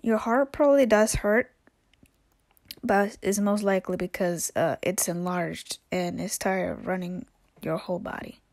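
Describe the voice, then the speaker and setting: A woman's voice: medium pitch, steady tone, a little slow, darkish tone, no echo. Blunt sarcastic woman commentator, dry mic. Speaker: commentary host. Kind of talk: reaction commentary.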